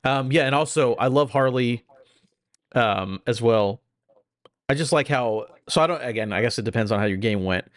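A man in a casual podcast chat, relaxed and hesitant, with many fillers. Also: mid-range voice, normal speed, no echo. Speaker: podcast co-host.

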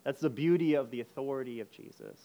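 A man preaching a sermon, emphatic, moving between urgent loud passages and quiet intense ones. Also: medium pitch, fast, highs cut off. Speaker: pastor.

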